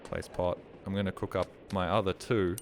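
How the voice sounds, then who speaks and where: Low-key joking male streamer. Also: level tone, normal speed, noisy background. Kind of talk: casual game-stream chat.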